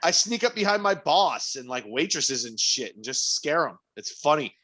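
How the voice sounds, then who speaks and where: A young man co-hosting a podcast, joking around and swearing in animated casual banter. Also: a little high, normal speed, husky. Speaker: podcast co-host.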